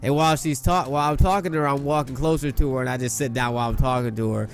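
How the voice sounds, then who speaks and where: Young male gamer-storyteller, mid-pitch, boastful and profane, low music bed. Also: steady tone, rapid-fire. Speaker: gaming YouTuber. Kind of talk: casual storytelling over gameplay. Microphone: gaming mic at a desk.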